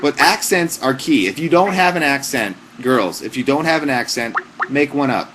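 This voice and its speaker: Deadpan young man giving joke advice. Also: mid-range voice, moderate pace, noisy background. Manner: mock-serious, deadpan joking advice with frequent fillers. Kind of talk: casual comic livestream chat.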